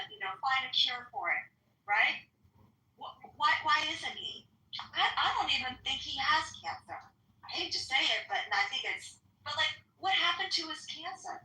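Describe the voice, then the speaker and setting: A woman's voice: fairly high pitch, bright, forceful tone, recorded from a distance. A woman guest in a political talk chat, emphatic and hesitant with ums, recorded off-mic in an echoey room with faint noise.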